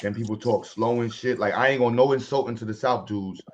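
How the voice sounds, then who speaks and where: A man with a New York accent, chatting casually on a panel podcast and telling animated stories full of profane slang. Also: mid-range voice, fast talker, muffled recording, slight background noise. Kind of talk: casual chat.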